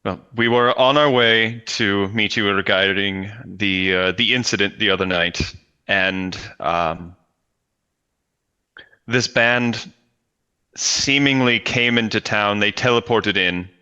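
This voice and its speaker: A man voicing an earnest paladin who explains himself haltingly, with many restarts, in a tabletop game. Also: fairly low pitch, sharp tone, smooth, highs cut off. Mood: explaining. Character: earnest male paladin, town protector.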